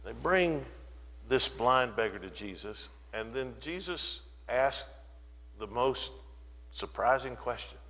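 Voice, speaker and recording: Lively, bright-voiced male preacher. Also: mid-range voice, slow, long reverb tail. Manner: animated storytelling, briefly acts out the voices in the story. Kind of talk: sermon. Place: church sanctuary.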